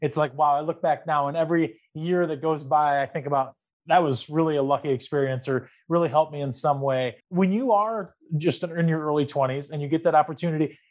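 A man's voice: fairly high pitch, steady tone, a little fast. A man hosting a sports podcast who asks long, rambling interview questions and searches for his words. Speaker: podcast host.

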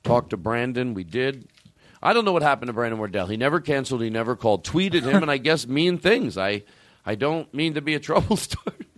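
A man hosting a comedy podcast, with a voice that swings widely up and down as he tells rambling, profane, excitable stories. His voice sits at an ordinary middle pitch and sounds close and dry, with no room around it. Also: a little fast, no echo. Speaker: podcast host. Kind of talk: casual comedy podcast chat.

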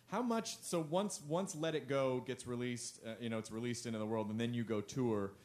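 A man interviewing a comedian in casual chat, joking with quick asides. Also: mid-range voice, darkish tone.

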